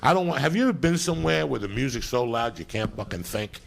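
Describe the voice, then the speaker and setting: A middle-aged male comedian hosting a live podcast from a comedy club stage, ranting in a profane, animated storytelling style. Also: medium pitch, fast, vocal fry, slight background noise. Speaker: comedian host. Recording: live club recording, loud crowd laughter.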